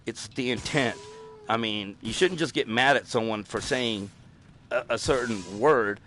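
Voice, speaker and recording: A man's voice: medium pitch, a little slow, fairly bright tone, soft background music. A man telling a long story in casual chat, profane and rambling, with many fillers. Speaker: podcast host.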